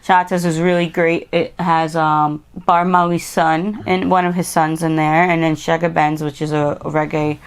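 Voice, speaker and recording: Low-voiced woman chatting about movies. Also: flat delivery, normal speed, few pauses, clean tone. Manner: chatty, rambling movie recaps. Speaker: podcast co-host. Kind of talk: casual chat.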